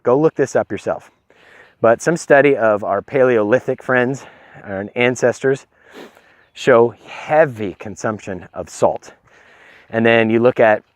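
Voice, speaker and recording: Recorded dry, a middle-aged man with a mid-range voice rambles through health advice in a casual filmed talk. He's short of breath and fills pauses with many ums while speaking into a handheld phone on a stabilizer.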